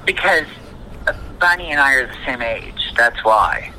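Halting man with a New York accent. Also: mid-range voice, expressive, noisy background. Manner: hesitant, stumbling over repeated words. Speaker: podcast co-host. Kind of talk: casual banter.

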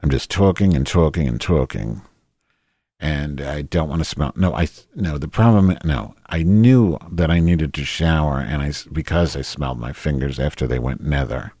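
Very deep-voiced grumbling male podcaster. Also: normal speed, mellow, husky, dry recording, studio quality. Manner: grumbling, profane, self-deprecating. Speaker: podcast host. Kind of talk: rambling solo podcast monologue.

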